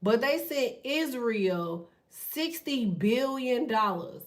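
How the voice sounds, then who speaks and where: A woman hosting a tarot channel, talking in a blunt, profane, fast casual rant. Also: fairly high pitch, lively intonation, far from the mic. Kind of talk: casual ranting monologue.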